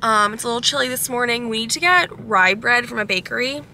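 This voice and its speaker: A woman's voice: a little high, fast, sharp tone. Chatty young woman vlogging from her car. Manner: chatty, upbeat, lots of "like" fillers. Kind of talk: casual vlog chat. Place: in a car at a drive-thru. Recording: car noise in the background.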